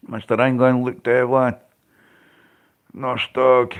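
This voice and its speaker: A Scottish man rambles casually to his live viewers in a mid-pitched voice, tossing in swearing and laughs. The audio is dull and lo-fi, like a stream captured without much care. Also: normal speed. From Scotland. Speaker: livestream host.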